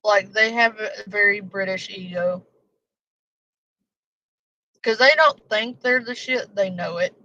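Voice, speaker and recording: A woman's voice: mid-range voice, slow pace, pauses often, bright, forceful tone, slight background noise. A woman hosting a casual live stream, rambling and joking with plenty of swearing. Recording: dull lo-fi stream audio.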